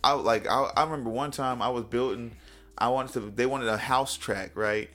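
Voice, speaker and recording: A young man, a music producer, talks as a guest in a casual interview. He tells animated stories and often mimics other people's lines in a raised voice. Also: mid-range voice, moderate pace.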